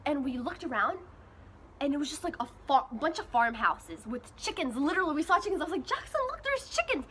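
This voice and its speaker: Bright, high-voiced woman telling a story. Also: animated, slight background noise. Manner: chatty, quick retelling full of "like". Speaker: vlogger. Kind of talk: casual storytelling vlog.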